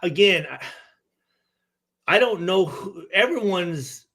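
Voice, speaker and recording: Hesitant, cursing former player, high voice. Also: male voice, expressive, takes it slowly, a bit bright. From Michigan. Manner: hesitant, restarts a lot, swears freely. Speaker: former player and guest analyst. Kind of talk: casual podcast chat.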